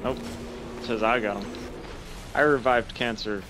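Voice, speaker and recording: A man's voice: mid-range voice, steady tone, a little slow, noisy background. A young man co-playing a video game, chatting casually with playful retorts and frequent giggles. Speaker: co-player. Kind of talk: casual gaming banter.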